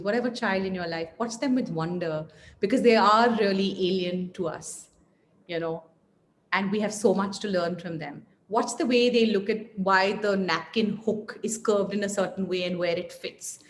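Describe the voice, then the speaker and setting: A woman guest speaker giving parenting advice in an earnest, emphatic, expressive way over a video call. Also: mid-range voice. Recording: echoey room, faint noise.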